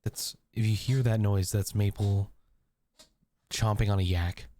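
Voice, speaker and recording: A man's voice: on the low side, steady tone, unhurried, warm tone, slight background noise. A man live-streaming from a room at home, chatting playfully with his viewers and his cat. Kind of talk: casual live-stream chat.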